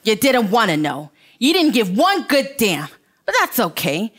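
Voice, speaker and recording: A woman's voice: on the high side, big pitch swings, measured pace, a bit bright, full character voice. A woman acting a tough, scornful working-class prostitute on a theater stage. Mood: bitter. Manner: blunt, scornful street talk. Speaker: stage actor. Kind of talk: live stage play acting.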